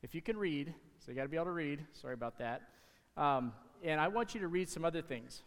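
A man talking to the kids in church, giving a casual, halting object lesson from the stage. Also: on the high side, animated. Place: church sanctuary. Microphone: handheld or stage mic. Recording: hall reverb in a sanctuary.

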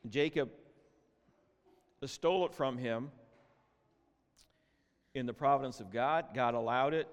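A man preaching a sermon with emotion, often repeating and restarting words, shifting between loud cries and hushed tones. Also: a little high. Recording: long hall reverb.

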